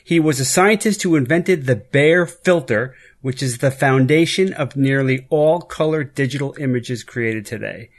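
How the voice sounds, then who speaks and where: A man's voice: medium pitch, normal speed, hardly any pauses. A man on a podcast panel presenting a segment emphatically, often repeating words as he talks. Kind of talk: casual chat.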